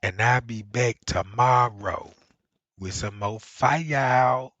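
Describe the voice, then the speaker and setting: A man's voice: medium pitch, slow pace, no echo. Male vlogger, casual storytelling, loose and profane, slightly muffled, dry close sound. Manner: animated, swings between muttering and loud exclaiming; peppers talk with profanity and "you know what I'm saying".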